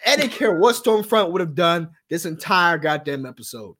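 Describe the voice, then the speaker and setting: A man's voice: fairly high pitch, big pitch swings, normal speed, fairly bright tone. A man co-hosting a casual aftershow podcast, ranting profanely and acting out quotes. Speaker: aftershow co-host.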